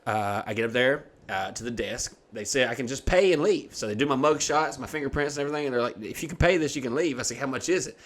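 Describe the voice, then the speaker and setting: A man's voice: mid-range voice, fast talker, few pauses. A young man hosting a podcast, telling a long comic story in a casual, profane way and acting out the people in it. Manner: profane, animated, acts out quoted people. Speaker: podcast host.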